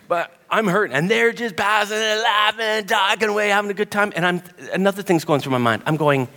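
A man's voice: brisk, few pauses. Man telling a story with a long hall echo. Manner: animated storyteller, rising pitch when excited. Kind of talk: sermon storytelling.

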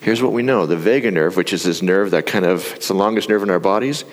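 Middle-aged guy with a low voice leading a breathing exercise live, calm coaching tone, big echoey hall. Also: quick pace. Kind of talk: live talk with guided breathing. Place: large hall before an audience. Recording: live hall with long reverb.

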